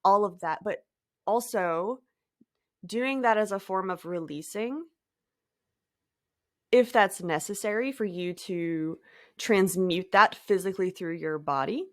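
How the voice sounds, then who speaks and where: Woman host, mid pitch, soft reflective delivery, dry close sound. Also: unhurried, pauses often, no echo. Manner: gentle, thoughtful, with light laughs and trailing phrases. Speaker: podcast host. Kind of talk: reflective spiritual talk.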